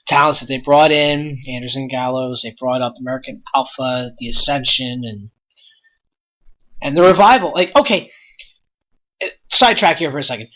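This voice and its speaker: A man's voice: medium pitch, fairly bright tone. A man hosting a wrestling podcast, ranting in an exasperated, blunt way with lots of rhetorical questions. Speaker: podcast host.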